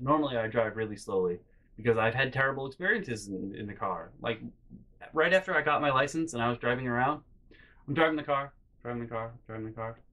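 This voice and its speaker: A young man telling comedic personal stories in a rambling, animated way, with loud acted-out outbursts. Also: medium pitch. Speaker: storytelling vlogger.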